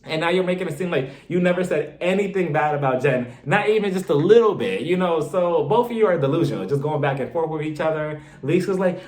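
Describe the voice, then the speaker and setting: A man's voice: fairly high pitch, expressive, a little fast, hardly any pauses, a little mellow. A man chatting casually and gossipily to his viewers, recapping an episode and calling them y'all. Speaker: reality TV recap vlogger. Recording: echoey room.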